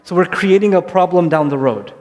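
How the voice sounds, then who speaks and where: In a reverberant hall before an audience, a man gives a religious talk to families, addressing the parents. His high voice moves briskly, and he is conversational and animated, acting out both kids and parents.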